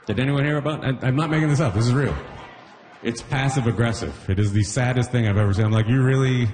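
A man performing a stand-up comedy set at a live venue, animated, with quick put-on voices for bits. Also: medium pitch, big-room sound. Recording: live room with clear ambient noise.

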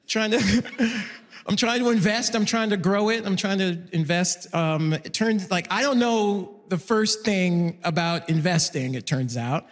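A male stand-up comedian, performing a set in a large concert hall, lively and jumping into voices. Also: sits high, unhurried. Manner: animated, jumps into voices. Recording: live hall reverb. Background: audience laughter.

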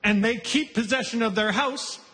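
A man's voice: very high voice, normal speed, heavy background noise. A man performing a brash, conversational stand-up set on stage, working the crowd, with audience laughter behind him. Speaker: stand-up comedian. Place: comedy festival stage before a live audience. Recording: live show in a reverberant hall.

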